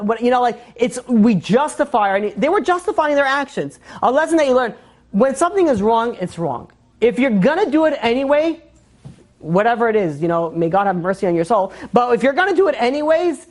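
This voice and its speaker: Animated joking rabbi teaching a man's class. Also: sits high. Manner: animated and joking, acting out quotes in character. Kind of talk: casual Torah class.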